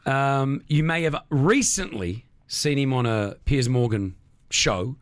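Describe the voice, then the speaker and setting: A man with an Australian accent hosting a radio studio interview, effusive and quick to laugh. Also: medium pitch. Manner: lively, effusive, laughs often. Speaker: radio host.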